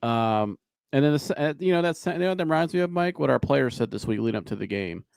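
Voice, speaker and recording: A gravelly man hosts a live sports podcast, ranting bluntly and swearing freely. His voice is recorded close and dry, with no room sound. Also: mid-range voice, lively intonation, fast, a little mellow, no room sound. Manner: blunt, heated, profane. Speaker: podcast host.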